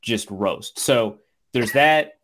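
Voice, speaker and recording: A man's voice: medium pitch, takes it slowly, a bit bright. A man co-hosting a casual sports podcast, talking loosely with lots of fillers and restarts. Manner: rambling, many fillers and restarts, laughs while quoting. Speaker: podcast co-host.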